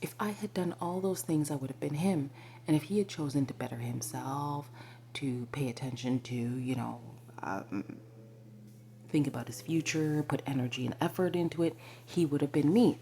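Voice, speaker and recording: A woman telling a personal spiritual story to her viewers, confiding and often slipping into a breathy whisper, with many asides to the listener. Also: low-pitched, moderate pace, dark tone, a little hiss or hum. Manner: frequent fillers and asides to the listener. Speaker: spiritual vlogger.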